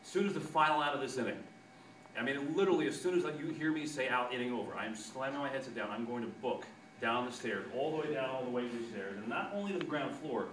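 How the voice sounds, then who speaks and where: Animated man telling a story, echoey and distant. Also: medium pitch, quick pace. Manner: animated, acts out quotes with loud bursts. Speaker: sportscaster speaking to students. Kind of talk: anecdotal storytelling talk. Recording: echoey room, distant mic, background noise.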